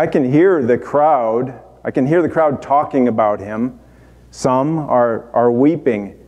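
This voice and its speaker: A man's voice: medium pitch, mellow, lightly acted. A man playing a dying repentant thief. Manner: halting, broken phrases. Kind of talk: dramatic monologue. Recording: long hall reverb.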